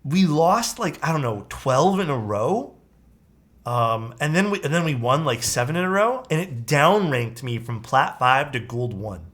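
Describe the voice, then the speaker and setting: A young man chatting casually on a live stream, animated and swearing often, calling his viewers dude. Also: mid-range voice, unhurried.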